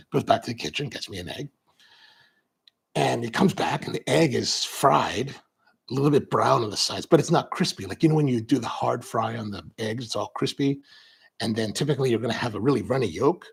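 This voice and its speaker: A man's voice: mid-range voice, vocal fry, husky. A middle-aged man telling a casual, rambling story, often stopping and restarting, with an amused tone. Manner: rambling, self-interrupting, amused. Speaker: coffee vlogger. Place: suburban Baltimore area.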